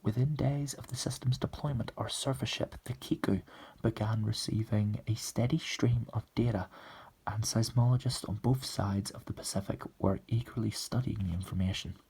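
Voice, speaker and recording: A man voicing a determined young woman submarine pilot in a forceful, defensive manner, as a whispered role-play. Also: fairly low pitch, steady tone, normal speed, slightly rough. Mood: earnest.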